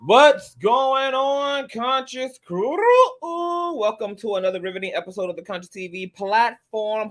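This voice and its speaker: A man's voice: high-pitched, a bit bright. A man hosting an online commentary show in a casual, flamboyant, sassy way, calling his viewers girl and honey. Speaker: commentary channel host. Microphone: home studio mic.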